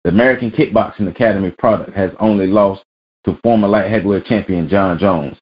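A man with a low voice reads out sports news and then rants about it, blunt and full of curses. He hosts a weekly rant show. The sound is dull and lo-fi. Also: brisk. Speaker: vlog host. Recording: dull lo-fi recording.

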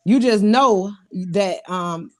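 Woman, animated, laughs a lot, casual chat show host. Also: medium pitch, takes it slowly. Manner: animated, laughs often, talks to the audience directly. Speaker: podcast co-host.

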